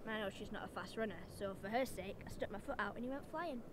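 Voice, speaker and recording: A woman's voice: medium pitch, quick pace, background noise, lightly acted. An actress playing a blunt, cheeky thirteen-year-old girl, in a film drama. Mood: matter-of-fact. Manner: blunt and defiant.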